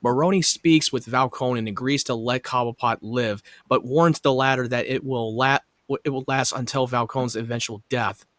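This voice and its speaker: A man hosting a casual podcast reads out episode summaries at a middle pitch and trips over longer words before starting again. The sound is dry and close, with no room around it. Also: fairly even intonation, moderate pace, hardly any pauses, fairly bright tone, dry recording. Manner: stumbles over words and restarts. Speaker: podcast host.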